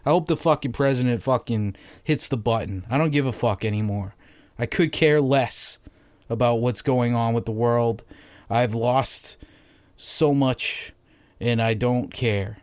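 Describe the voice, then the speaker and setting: A man hosting a casual solo podcast from home, monotonous and deadpan sarcastic, swearing freely into a microphone on a stand. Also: medium pitch, a little slow, no room sound. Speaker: podcast host.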